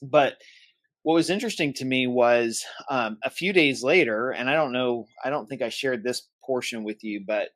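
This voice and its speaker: A man's voice: mid-range voice, normal speed, a bit bright, dry recording. A man co-hosting a podcast, casually retelling a tense phone call and quoting both sides in his own voice. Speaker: podcast co-host. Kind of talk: casual storytelling.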